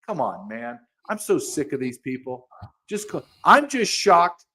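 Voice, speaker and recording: A man's voice: fairly high pitch, sing-song, unhurried, bright, forceful tone, husky. A man hosting a podcast, ranting angrily in heated commentary, with frequent restarts and repeated words. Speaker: podcast host.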